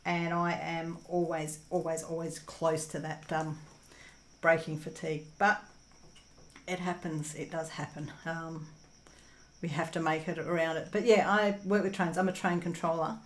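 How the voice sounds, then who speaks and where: Australian woman, lower-pitched, rambling casual chat, lots of ums, echoey room. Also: little pitch movement, moderate pace. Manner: chatty, rambling, with frequent ums and laughs. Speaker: crafting channel host. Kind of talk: casual chat reading viewer comments. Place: home room while diamond painting.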